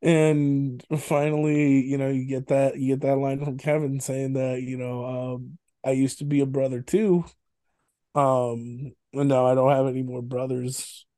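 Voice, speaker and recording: A man with a mellow, warm voice chats casually on a podcast, retelling a film's big scenes with animated energy and the odd laugh. The sound is dry and close. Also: mid-range voice, unhurried, dry recording. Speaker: podcast co-host. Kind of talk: casual film review chat.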